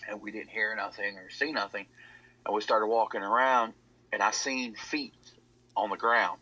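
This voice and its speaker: Rambling man, bright lo-fi voice. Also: on the low side, fairly even intonation, normal speed, husky. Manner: rambling, keeps repeating "he said". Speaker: caller telling a story. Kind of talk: casual storytelling. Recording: dull lo-fi audio.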